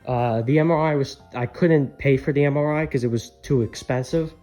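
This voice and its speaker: A man's voice: medium pitch, moderate pace, warm tone, soft background music. A man rambling candidly in a casual vlog, swearing often, his voice strained. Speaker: channel creator.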